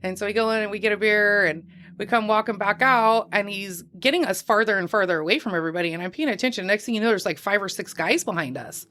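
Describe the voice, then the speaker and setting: A woman's voice: mid-range voice, quick pace. Woman swearing her way through a wild story, chatty podcast guest in a packed little office. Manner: profane, lively anecdote teller. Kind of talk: casual storytelling. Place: crowded small office.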